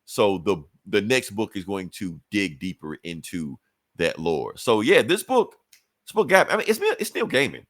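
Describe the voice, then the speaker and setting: A man hosting a podcast, chatting casually about comics in an animated, profane way with frequent laughs. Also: on the low side, normal speed. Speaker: podcast host.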